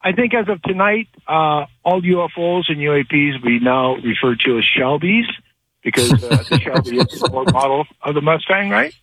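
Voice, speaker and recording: A man calling in to a radio show, telling a story in a rambling, animated way with many restarts, heard over a phone line. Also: on the high side, moderate pace, a crowd in the background. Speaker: caller. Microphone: telephone.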